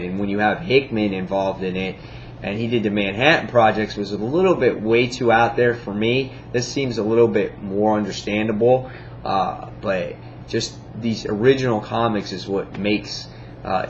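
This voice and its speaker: A man with a lowish voice chats through a comic book review, eager and rambling, stumbling over his words and acting out bits of dialogue. The recording is dull and lo-fi with a faint hiss behind him. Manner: enthusiastic, rambling with many fillers, acts out quotes. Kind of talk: casual video review.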